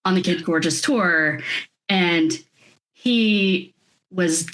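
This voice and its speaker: A woman's voice: lowish voice, drawn-out words, fairly bright tone, low-quality recording. A woman in her forties co-hosting a podcast, telling stories in casual chat, laughing often and swearing freely. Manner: laughs often, profane storytelling. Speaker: podcast co-host.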